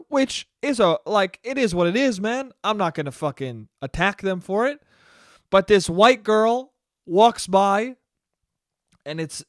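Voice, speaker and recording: A young man with a fairly high voice tells a story on his solo podcast, animated and profane, breaking into laughing asides. He speaks close to the mic in a dry, dead room. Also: no echo. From American suburbs. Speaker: podcast host. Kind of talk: casual solo podcast monologue.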